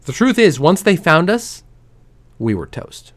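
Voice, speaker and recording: A man reading a novel aloud to his stream, giving quoted lines lively voices and dropping soft and low on the quiet ones. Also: measured pace. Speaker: reader.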